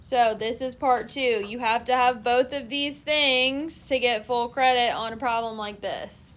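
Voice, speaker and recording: A woman math teacher giving a classroom lecture, explaining steps in a steady, methodical way. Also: on the high side, unhurried.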